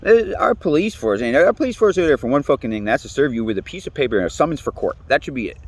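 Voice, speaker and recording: Profane, rambling man with a lively voice. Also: mid-range voice. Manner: profane, rambling, animated, laughs often. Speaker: interviewee. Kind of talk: casual rant.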